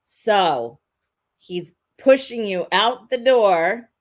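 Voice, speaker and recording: A woman's voice: medium pitch, lively intonation, extremely slow. A woman co-hosting a live psychic reading, rambling and hesitant with many fillers. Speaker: psychic co-host.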